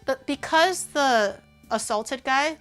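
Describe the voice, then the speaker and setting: Female streamer, casual indignant chat, slightly high voice, faint background music. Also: takes it slowly. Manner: rambling, heavy use of "like", animated indignation.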